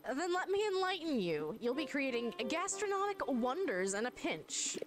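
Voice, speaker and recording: A woman's voice: high voice, very animated, moderate pace, music in the background, pitched above the performer's own voice. A woman voicing a refined female cooking shop keeper with a grand, theatrical manner. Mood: grandly theatrical.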